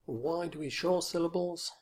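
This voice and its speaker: A man explaining a teaching point in an instructional video lesson, speaking deliberately with fillers and repeating example words with exaggerated stress. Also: a little high, darkish tone, slightly rough. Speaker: teacher trainer.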